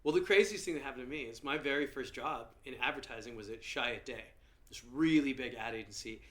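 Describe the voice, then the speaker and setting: A male comedian guest telling stories in a casual podcast interview with an animated, lively manner. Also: medium pitch, a little fast.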